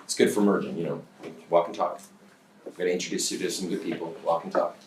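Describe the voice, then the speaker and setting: A man's voice: low-pitched, fairly even intonation, fast, very noisy. A man coaching a bootcamp group in a loose, chatty way, often checking in with the group. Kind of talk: teaching a bootcamp session. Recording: distant mic in an echoey room.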